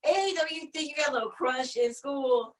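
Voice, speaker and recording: Woman, co-host, casual live-stream chat, chatty, self-mocking, high voice, distant mic. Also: a little fast. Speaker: show co-host.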